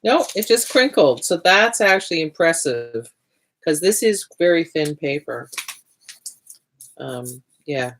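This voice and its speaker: A woman with a low, deep speaking voice hosts a casual livestream while she draws. She talks in a chatty, loose way, breaking off and restarting sentences and muttering to herself as she works. A faint hiss sits under the recording. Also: animated, slow. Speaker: host of a livestreamed art party.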